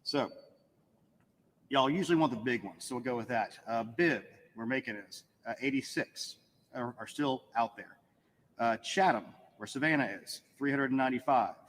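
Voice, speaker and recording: A man's voice: mid-range voice, normal speed, a bit bright. A man, an election official giving a matter-of-fact press briefing and reading out figures with dry asides. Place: press room. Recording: echoey hall with faint room ambience.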